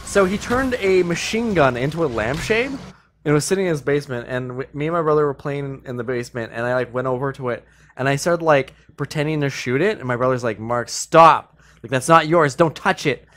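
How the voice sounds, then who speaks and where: A man chatting casually on a gaming stream, telling a childhood story in an animated, rambling way, often breaking into laughter. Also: medium pitch, fast, slight background noise. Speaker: stream co-host.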